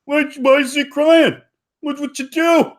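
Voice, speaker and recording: A man's voice: very high voice, steady tone, unhurried, voice pushed up. A man voicing a meddling young male bro who jumps in as a white knight, in a mocking drawl.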